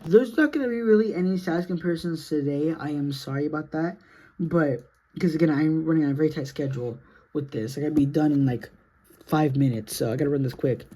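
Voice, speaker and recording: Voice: mid-range voice, brisk, mellow, slightly rough. A sleepy, yawning action figure reviewer talking through a casual toy review in a rambling, self-correcting, apologetic way.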